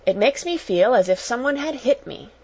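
A kind young girl speaks in a steady, coaxing voice, only a little raised, voiced by a woman reading aloud. A storybook heroine. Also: a little high, moderate pace, breathy edge, voice pushed up, rough recording. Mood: confiding.

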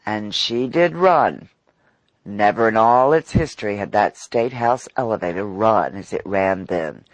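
A man narrating an audiobook story in an expressive, dramatic manner. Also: on the low side, unhurried, no echo.

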